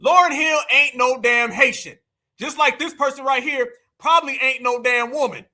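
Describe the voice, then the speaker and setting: Male stream host, very high voice with a sharp edge, mocking and preachy, breaks into shouts. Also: normal speed. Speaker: livestream host. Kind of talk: live commentary stream.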